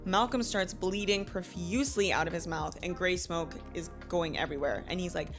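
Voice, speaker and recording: A woman's voice: on the low side, normal speed, over music. Chatty woman gushing over a book. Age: 30s. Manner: animated, gossipy, laughs often, acts out quotes. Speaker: book club host. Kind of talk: casual book recap.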